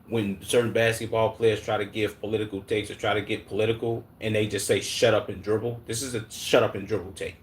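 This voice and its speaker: A man streaming live, his voice sitting on the lower side. He talks bluntly with plenty of slang and swearing. He restarts his sentences as he thinks them through, with a faint hum of noise behind him. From Chicago. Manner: blunt, heavy slang and swearing, calls the audience "gang" and "bro"; thinks aloud with many restarts and repeated words. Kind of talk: live-stream commentary reacting to chat.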